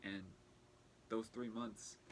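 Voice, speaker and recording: A young man talking earnestly in a personal vlog, halting and restarting as he fights back tears. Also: on the low side, little pitch movement, noisy background. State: tearful, fighting back crying. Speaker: vlogger.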